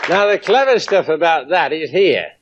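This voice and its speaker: A man lecturing to an audience in a lecture theatre, his voice sitting a little high and lively as he demonstrates with wry asides. The sound is dull and muffled, like an old 1970s broadcast. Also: moderate pace, a loud crowd, very noisy. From England. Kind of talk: public science lecture.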